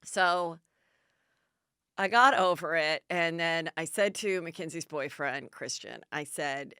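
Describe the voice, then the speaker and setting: A woman's voice: sits low, slow, pushed and bright, smooth, no room sound, clean studio sound. A middle-aged woman podcast host telling a story in a casual, chatty way and acting out the dialogue in bursts.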